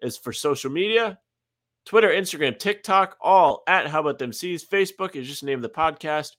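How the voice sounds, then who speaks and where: A man's voice: fairly high pitch, lively intonation, a little fast, a bit bright. A man co-hosting a sports podcast in casual chat, laid-back with dry jokes and reading the outro plugs. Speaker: podcast co-host.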